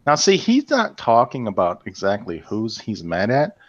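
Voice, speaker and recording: A man's voice: fairly low pitch, wildly swooping pitch, moderate pace, dry recording, highs cut off. A man co-hosting a casual livestream, chatty and laughing often as he rambles through stories. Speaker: livestream co-host.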